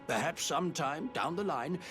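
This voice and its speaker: A grandiose noble lord from a video game, voiced by a man, speaking in a formal, old-fashioned manner. His pitch swoops widely through every line, with game music playing faintly behind him. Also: expressive, normal speed, lightly acted. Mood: courtly. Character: pompous courtly male noble lord. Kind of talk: video game character dialogue.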